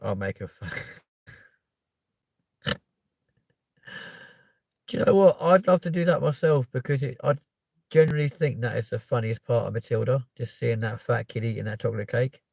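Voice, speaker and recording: A man's voice: mid-range voice, moderate pace, creaky, pauses often, a little mellow, no room sound. A man with a South West London accent chatting casually to viewers on a stream, rambling and cheeky, with plenty of swearing. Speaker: live streamer.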